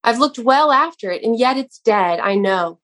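A woman's voice: a little high, animated, normal speed, a bit bright, rough recording. A woman reading aloud and voicing a simple, grieving young man who pleads through tears, in a raised voice. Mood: tearful pleading.

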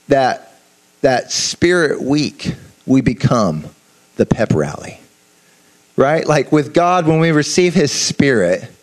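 A man giving an informal sermon, talking in an animated, conversational way with asides to the listeners and frequent restarts. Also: on the high side. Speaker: preacher. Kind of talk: informal sermon to a youth audience.

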